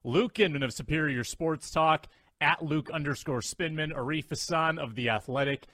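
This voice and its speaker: A man's voice: a little high, moderate pace, pushed and bright, no room sound, clean studio sound. A man hosting a sports podcast with upbeat, joking energy, out of breath. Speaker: podcast host.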